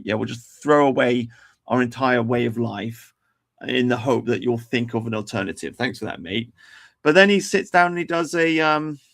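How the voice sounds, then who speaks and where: A man holds forth on his livestream in a casual, meandering way. He swears often and restarts his sentences as he goes. His voice has a gravelly, creaky edge. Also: mid-range voice, a bit bright. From England. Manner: rambling, profane, frequent restarts. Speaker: livestream host.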